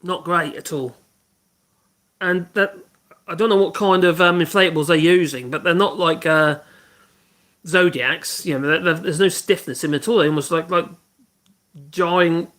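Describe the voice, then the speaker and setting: A man's voice: fairly high pitch, steady tone, moderate pace, long pauses, fairly bright tone. Rambling man humming while working. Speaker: woodworking livestream host. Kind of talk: casual livestream chat while working.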